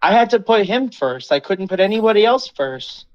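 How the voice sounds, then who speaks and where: A man's voice: high voice, big pitch swings, normal speed. A young man tells a rambling, profane story to a friend on a casual podcast. He drops into short mocking voices whenever he quotes someone. The recording is muffled and lo-fi. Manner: rambling, swearing, quoting others in a mocking voice. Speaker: podcast host.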